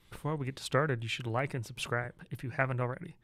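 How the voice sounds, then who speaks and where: A man's voice: medium pitch, fairly even intonation, a bit bright, no echo. A man co-hosting a casual political podcast, with a joking, teasing way of talking. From Utah, United States. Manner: joking, drawn-out teasing delivery. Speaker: podcast co-host.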